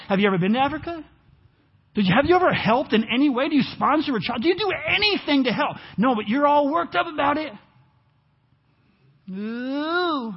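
Man, pastor, sermon in church, raised high voice, muffled recording. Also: normal speed. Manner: animated preaching, rising to near-shouts.

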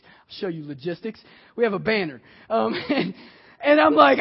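A middle-aged preacher from Kentucky with a high, bright-edged voice delivers a sermon. He moves from a hushed prayer into an animated personal story, acting out his own excitement. The recording is dull and lo-fi. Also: moderate pace, creaky, breathy edge. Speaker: pastor.

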